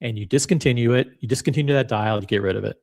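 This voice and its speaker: A man hosting a reaction video, talking in an animated, rambling and blunt way with casual swearing. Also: mid-range voice, very fast, gravelly. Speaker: watch channel host reacting to clips.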